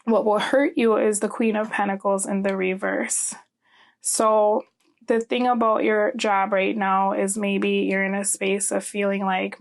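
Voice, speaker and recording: Flat-voiced gravelly woman reading tarot. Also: mid-range voice. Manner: chatty, frequent "um" and "okay?" tags. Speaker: tarot reader. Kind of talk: casual tarot reading monologue.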